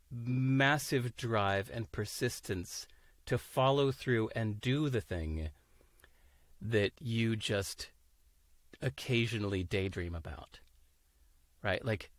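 A man talking as a podcast guest, animated, laughing often and acting out the voices of people he quotes. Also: mid-range voice, no room sound, clean studio sound. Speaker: interview guest. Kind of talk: casual podcast conversation.

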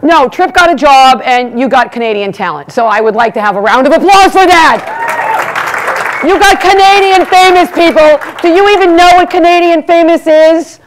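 A woman doing a brash stand-up monologue as master of ceremonies, teasing the crowd and talking fast. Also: very high-pitched. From United States. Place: banquet hall before a live audience.

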